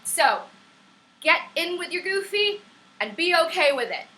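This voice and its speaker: A woman's voice: very high-pitched, very animated, measured pace, pushed and bright, low-quality recording. A young woman at home teaching a casual online singing lesson, chatty, encouraging and prone to tangents. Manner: upbeat and encouraging. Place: at home on camera.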